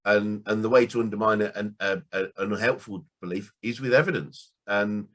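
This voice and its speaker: A man's voice: lowish voice, steady tone, fairly quick, a bit bright. A man with a Northern English accent, a business coach asking questions and affirming his guest in hesitant phrasing. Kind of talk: interview questions.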